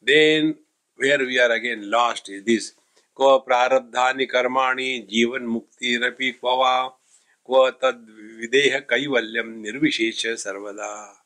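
A man's voice: mid-range voice, pushed and bright, rough recording. A man, a swami giving a humorous spiritual discourse that he fills with stories, jokes and Hindi sayings. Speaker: swami teaching a spiritual text.

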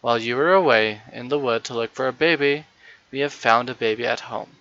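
Man reading a brisk children's nurse. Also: medium pitch, fairly bright tone, dry recording, close to an everyday voice. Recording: dull, lo-fi dry recording.

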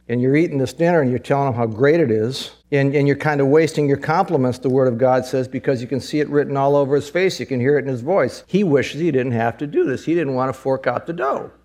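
A man's voice: mid-range voice, a little mellow. A male pastor preaching a sermon in an earnest, conversational way, often repeating words.

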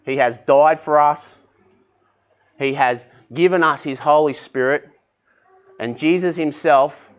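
A man preaching a sermon, energetic and conversational, asking the congregation direct questions. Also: mid-range voice. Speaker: pastor.

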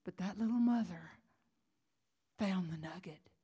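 A woman's voice: fairly high pitch, moderate pace, darkish tone. A woman preaching at a conference, telling a story dramatically and near tears, dropping to whispers and rising to cries. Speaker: conference speaker. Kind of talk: sermon storytelling.

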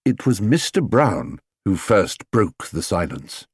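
A man reading a children's storybook aloud as scripted audiobook narration, lively and expressive. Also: sits low, slow, husky, no room sound. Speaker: audiobook reader.

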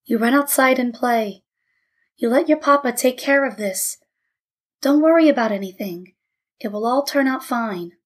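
A woman's voice: on the high side, lightly acted. A woman reading a blunt, hot-tempered father. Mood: gentle. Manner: blunt, quick to anger. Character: stubborn proud middle-aged male father.

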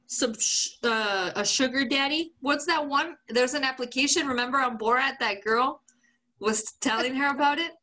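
A woman's voice: sits high, moderate pace, bright, forceful tone, rough recording. A woman co-hosting a podcast, telling a story in casual chat, swearing and laughing often. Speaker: podcast co-host.

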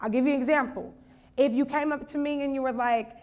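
A young woman with a bright, high voice gives a sermon. She chats loosely and jokes with her listeners, then builds to a passionate, urgent appeal. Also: fairly quick. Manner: conversational, humorous, building to impassioned exhortation. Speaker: conference speaker.

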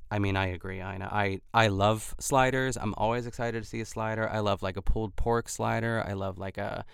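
A man's voice: on the low side, fairly even intonation, fairly quick, gravelly, fairly bright tone, clear, resonant tone, no echo, studio quality. A man hosting a podcast, recapping in casual chat and filling his talk with "like" and restarts. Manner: chatty, lots of "like" fillers and restarts. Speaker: podcast host.

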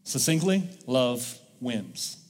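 A man's voice: medium pitch, sing-song, slow pace, in a large hall. A male pastor preaching a sermon in a church, leading the congregation in call-and-response. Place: church sanctuary.

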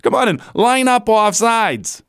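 A man's voice: sing-song, measured pace, clear, resonant tone, exaggerated voice. A man voicing an eager football team man who coaxes a player in a sweet, mocking tone. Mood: coaxing. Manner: high wheedling coaxing voice.

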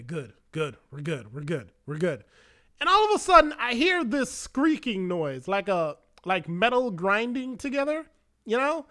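High, bright-voiced man telling a wild story. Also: smooth. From Florida. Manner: animated, profane, acts out quoted voices. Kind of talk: casual personal storytelling.

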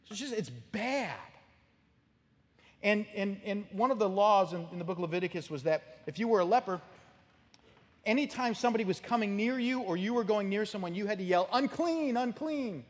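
Animated male pastor, big hall. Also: sits high, a little fast. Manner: animated storytelling with sudden loud outbursts. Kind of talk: expository sermon.

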